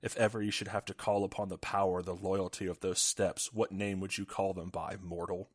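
A man voicing an unhinged male detective in a slow, low, menacing voice while reading a story aloud. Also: flat delivery, no room sound. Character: unhinged male detective speaking in eerie deeper voice.

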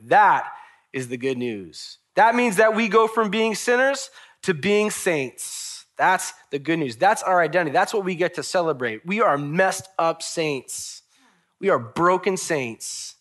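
Animated man preaching a sermon. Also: a little high, unhurried. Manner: animated preaching with sudden loud rises and soft drops. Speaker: pastor.

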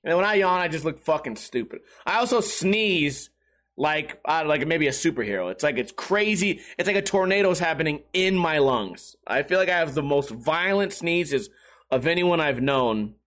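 High lively rambling man. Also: moderate pace. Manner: rambling, crude, self-mocking. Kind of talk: solo comedic monologue.

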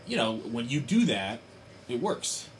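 A man's voice: mid-range voice, big pitch swings, measured pace, a little hiss or hum. A man in casual podcast chat, rambling and correcting himself as he makes dry jokes.

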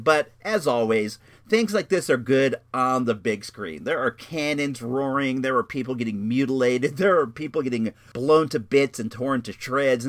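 A man chats on his podcast in a relaxed, rambling way, drifting from one aside to the next. His voice sits at an everyday middle pitch. It is recorded close and dry, with no room sound around it. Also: no echo. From Northern California. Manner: rambling, laid-back, says "dude" a lot. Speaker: podcast host. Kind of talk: casual chat.

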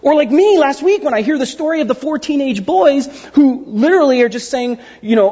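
A male pastor gives a casual, joking sermon, acting out the people in his story. His high voice swoops up and down and sounds slightly husky. The recording is dull and lo-fi. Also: fairly quick, hardly any pauses, long reverb tail. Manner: animated storyteller who acts out quotes with jokes.

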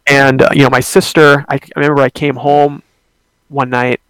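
A man's voice: mid-range voice, little pitch movement, normal speed, a bit bright, smooth, no room sound. A young man telling a personal ghost story in a casual, rambling way, with many fillers and restarts.

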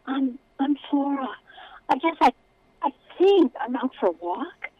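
A woman's voice: on the high side, measured pace, no room sound, dull audio. A woman voicing a timid young female pack rat who stammers and gushes nervously. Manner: stammering, breathless, gushing.

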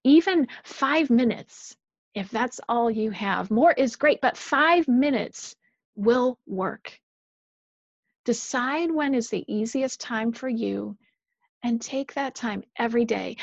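A woman minister delivers a sermon in a measured, earnest way, her fairly high voice dropping softer on key phrases. The sound is dry and close with no room echo, though a little muffled. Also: vocal fry.

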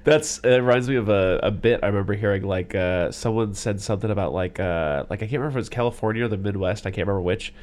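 Man co-host, rapid, rambling, casual podcast chat. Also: fairly low pitch, darkish tone. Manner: rambling, many "like" fillers.

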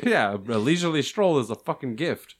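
A young man chatting casually with friends, loud, crude and laughing often. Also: mid-range voice, sing-song, fairly quick. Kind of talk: casual profane chat.

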